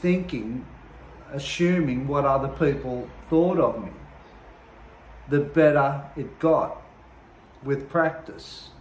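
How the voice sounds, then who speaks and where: A man earnestly sharing his own recovery story, reflective and often pausing to search for words. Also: mid-range voice, a little hiss or hum. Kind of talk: personal testimony monologue. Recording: roomy echo.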